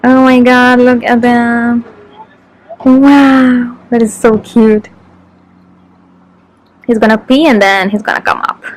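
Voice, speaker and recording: A woman vlogging casually, chatting excitedly and talking straight to her viewers. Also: on the high side, takes it slowly, long pauses, poor audio. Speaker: lifestyle vlogger. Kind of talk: casual vlog narration to camera.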